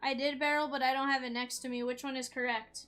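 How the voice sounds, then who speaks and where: A woman's voice: sits high, level tone, quick pace, a bit bright, clean tone, soft background music. A woman hosting a live card break stream, chatty and upbeat, talking straight to her viewers.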